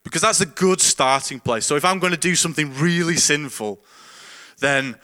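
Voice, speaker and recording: Bright-voiced man preaching conversationally. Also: on the high side, normal speed. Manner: earnest, informal preaching with frequent repeated words and chuckles. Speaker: pastor. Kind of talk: conversational sermon.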